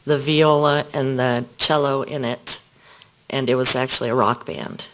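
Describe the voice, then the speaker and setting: A man testifying as a witness in a courtroom, speaking softly and haltingly with small restarts. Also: mid-range voice, rough recording.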